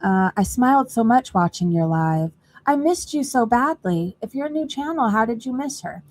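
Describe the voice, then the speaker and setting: A woman's voice: on the high side, expressive, normal speed, a little mellow. A woman hosting a casual reaction livestream, chatting gossipy and direct to her viewers from her computer mic. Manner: chatty, gossipy, talks straight to chat.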